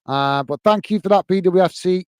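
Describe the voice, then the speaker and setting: A UK football channel host reads through live stream chat, casually thanking viewers for their comments. He speaks at a moderate pace in a high-pitched, clear, resonant voice, with no room sound.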